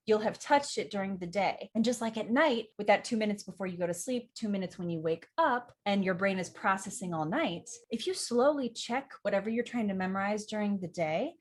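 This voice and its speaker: A young woman hosting an acting channel, giving a chatty, animated tutorial and laughing often. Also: medium pitch. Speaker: acting teacher and channel host. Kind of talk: upbeat tutorial talk to camera.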